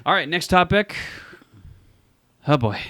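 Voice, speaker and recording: A man's voice: a little high, lively intonation, measured pace, fairly bright tone, no room sound. A young man co-hosting a podcast, chatting casually and enthusiastically about films, with many "like"s. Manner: enthusiastic, fills speech with "like". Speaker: podcast co-host. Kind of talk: casual movie chat.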